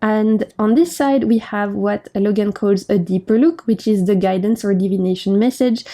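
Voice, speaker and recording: A woman's voice: mid-range voice, moderate pace, dark tone. A woman with a French accent, chatting in a gushing, enthusiastic way as she reviews a tarot deck. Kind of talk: casual review chat.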